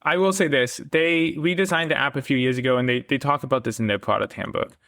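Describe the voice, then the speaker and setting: A man's voice: mid-range voice, quick pace, vocal fry, a bit bright, no room sound, studio quality. Enthusiastic man as a podcast guest. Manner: enthusiastic and self-deprecating, laughs often. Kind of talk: casual podcast conversation.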